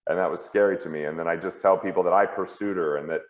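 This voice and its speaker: A man as an interview guest at home, talking earnestly and candidly in quick heartfelt bursts. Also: low voice, fairly even intonation. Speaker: guest, financial author and comedian. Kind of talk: earnest reflective conversation. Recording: roomy, slightly dull sound.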